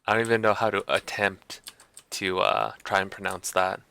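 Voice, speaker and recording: A man's voice: on the low side, level tone, normal speed, creaky, bright, forceful tone, smooth. A man streaming live, chatting casually in a hesitant, self-conscious way and laughing at himself. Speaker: livestreamer.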